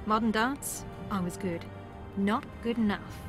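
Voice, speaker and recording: Actress doing a deadpan, teasing game contestant from New Zealand, mid-pitched, sarcastic. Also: female voice, unhurried, over music, natural voice. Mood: wry. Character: wry, sarcastic female reality-TV contestant, former aerialist. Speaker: reality show contestant. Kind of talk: video game voice acting.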